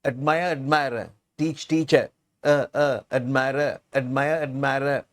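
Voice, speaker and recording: A man's voice: mid-range voice, steady tone, unhurried. A man teaching English, reading a story aloud and patiently explaining words, often repeating and restarting.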